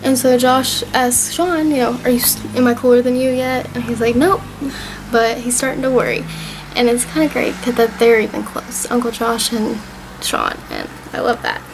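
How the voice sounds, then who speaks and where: A woman's voice: a little high, flat delivery, moderate pace, background noise. A young woman vlogger casually recapping a TV season, rambling and gushing as she retells scenes.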